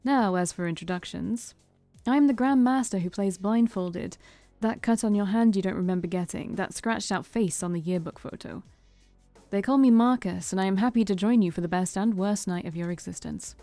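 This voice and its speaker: A woman's voice: medium pitch, warm tone, dry recording, soft background music, lightly acted. Brief: woman reading a knowing vampire mentor, theatrical, dry close sound. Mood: smug. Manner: slow, knowing, preacher-like. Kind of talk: reading a visual novel aloud.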